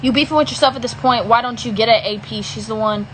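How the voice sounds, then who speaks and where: A woman's voice: on the high side, quick pace, fairly bright tone, a little hiss or hum, low-quality recording. A woman hosting a livestream, ranting angrily at her viewers with heavy swearing and repetition. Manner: irritated, heavy swearing, repeats herself. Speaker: livestream host. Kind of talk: angry rant to live viewers.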